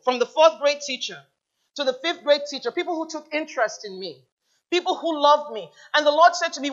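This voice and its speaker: A woman's voice: high voice, a bit bright, highs cut off. A middle-aged woman pastor preaching a passionate sermon in a church, putting rhetorical questions to the congregation. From United States.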